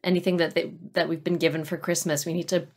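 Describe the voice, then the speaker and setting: A woman co-hosting a casual podcast, thoughtful and halting, often restarting her sentences. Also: lowish voice, little pitch movement, a little mellow. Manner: thoughtful, hesitant, many restarts and "like". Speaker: podcast co-host. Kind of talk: casual chat.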